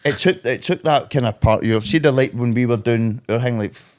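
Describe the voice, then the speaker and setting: A man's voice: medium pitch, brisk, a little mellow. A Scottish man co-hosting a podcast, teasing the others with crude jokes. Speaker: podcast co-host. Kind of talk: casual podcast banter.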